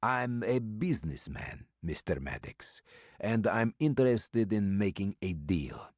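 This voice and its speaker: A man voicing a burly, cagey older foreign businessman with a thick, clipped Eastern European accent, speaking slowly and deliberately. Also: on the low side, lively intonation, darkish tone, no echo, studio quality, pitched above the performer's own voice. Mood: cagey, insistent. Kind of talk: audiobook character voice.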